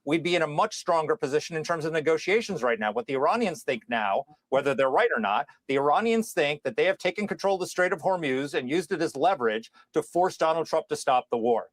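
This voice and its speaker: Man giving measured political analysis. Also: on the high side, animated, dry recording. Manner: deliberate, with restarts. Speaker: political commentator.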